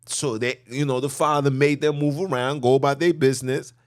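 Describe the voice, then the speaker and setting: A man hosting a podcast in casual religious talk, telling stories in an animated way with street slang. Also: mid-range voice, brisk, no echo, studio quality. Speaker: podcast host.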